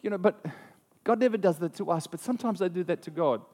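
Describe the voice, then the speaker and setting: A man's voice: high-pitched, fast talker. Man preaching in a reverberant hall. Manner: animated storytelling with frequent restarts. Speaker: pastor. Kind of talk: sermon.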